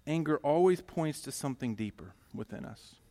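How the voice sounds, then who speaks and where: Animated and a little high-pitched, the middle-aged male pastor preaches at a moderate pace. He shares a personal story, going from booming emphasis to quiet closeness.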